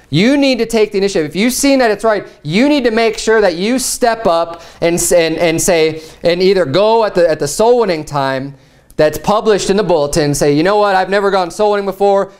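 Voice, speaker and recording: A man preaching a sermon in a church in a conversational way, often restarting and repeating words. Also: sits high.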